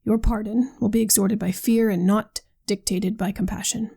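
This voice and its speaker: A solemn, troubled young man from an old gothic novel, read by a woman in a slow, grave, formal way. The voice is husky with a gravelly edge and a dark, mellow tone. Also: mid-range voice, steady tone. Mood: agitated.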